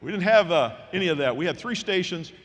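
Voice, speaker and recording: A man's voice: high voice, quick pace. Older man telling stories in a big echoing hall. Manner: folksy, animated storyteller who voices the people he quotes. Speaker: commencement speaker. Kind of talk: storytelling speech. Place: large hall at a graduation ceremony. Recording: long reverb from a large hall.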